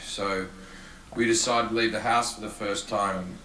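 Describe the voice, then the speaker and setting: A shaken young husband apologizes in a low, subdued, halting voice, as a male comedian puts him on. The sound is roomy and echoey, as in a live show recording. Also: steady tone, sharp tone, a little hiss or hum. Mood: somber apologetic.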